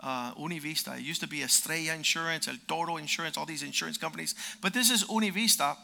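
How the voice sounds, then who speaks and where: A high, bright male voice with a gravelly edge, a preacher in his fifties telling a story from the pulpit. He acts out the other people's lines and climbs to forceful peaks before dropping low again. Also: quick pace. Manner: storytelling, acts out quoted dialogue, rises to emphatic peaks. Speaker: preacher and lawyer. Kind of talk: sermon with personal story.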